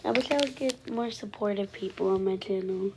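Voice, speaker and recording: A woman chatting casually over gameplay on her own microphone, rambling and dropping into soft asides, with a high, pitchy voice. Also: a little fast. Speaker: gaming channel host. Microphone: own desk microphone. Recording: noisy home recording with hiss and clicks.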